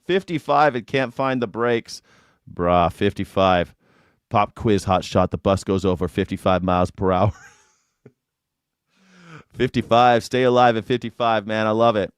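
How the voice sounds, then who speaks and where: A man's voice: on the low side, moderate pace, smooth, no room sound, studio quality. A man riffing casually as a streamer, rambling, joking and swearing while reacting to clips. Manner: rambling, joking, swearing, breaks into put-on voices.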